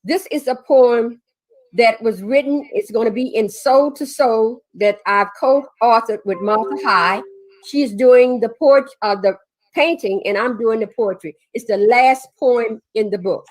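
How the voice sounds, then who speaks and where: A woman's voice: fairly high pitch, a little slow, rough recording. A woman poet speaking in a folksy way, calling listeners honey and y'all before reading her poem. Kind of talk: casual chat leading into poetry reading.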